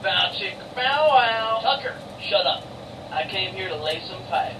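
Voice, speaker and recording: A man's voice: high voice, lively intonation, measured pace. Crude, smug male soldier played by a man, comic web-series clip, recorded distant, with a hiss. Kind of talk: comic dialogue acting. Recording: distant, echoey clip with noise.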